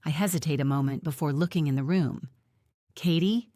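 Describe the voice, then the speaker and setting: A woman reading a first-person audiobook in a tense, measured storytelling manner, close to the mic. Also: deep voice, dark tone, no room sound. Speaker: audiobook narrator.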